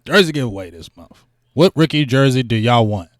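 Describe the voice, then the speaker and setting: A man's voice: mid-range voice, brisk, no room sound, clean studio sound. A man hosting a sports talk livestream, chatting casually in slang and hyping up donations to his viewers. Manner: animated, slangy, hypes donations. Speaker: sports talk show host.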